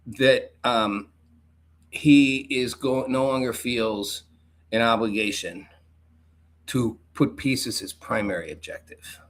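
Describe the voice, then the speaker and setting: Speaking slowly at medium pitch, a male host runs through a sarcastic political monologue on his show. His tone is mocking, and he slips into exaggerated put-on voices.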